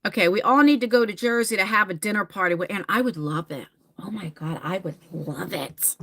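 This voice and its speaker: A woman in her forties chatting candidly with viewers, laughing often and rushing through some phrases. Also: mid-range voice, pushed and bright. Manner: chatty and candid, laughing, bursts of fast talk. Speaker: vlogger answering viewer questions. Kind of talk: casual chat.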